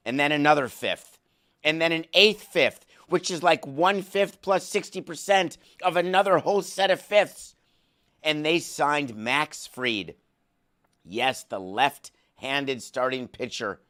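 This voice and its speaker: A man's voice: medium pitch, fairly bright tone. A man who hosts a sports podcast, delivering a sarcastic monologue full of comic asides.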